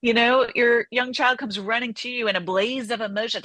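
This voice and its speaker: A woman therapist talking as an interview guest, animated and acting out inner voices as she explains. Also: fairly high pitch, a little fast, few pauses, dry recording. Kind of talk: conversational interview.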